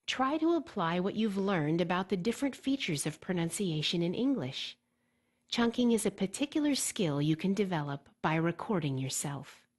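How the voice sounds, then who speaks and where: A woman reading a scripted exam-preparation lesson in a clear, measured way, slowing down to model example words. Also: fairly low pitch, a little mellow. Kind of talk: scripted instructional narration.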